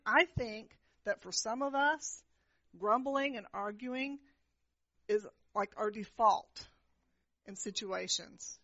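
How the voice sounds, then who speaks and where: Animated woman preacher, slightly high voice. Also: creaky, no echo. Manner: animated storytelling, asks the crowd "right?" often. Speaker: minister. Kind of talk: sermon with personal stories. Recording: dull lo-fi, dry sound.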